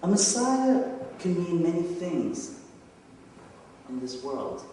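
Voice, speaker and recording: A male pastor preaches in an unhurried, conversational way, with lively rises and falls as he puts questions to his congregation. He is miked from a distance in a church sanctuary. A long hall reverb hangs on every phrase. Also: fairly high pitch, a little hiss or hum. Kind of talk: sermon. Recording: echoey church hall from far off.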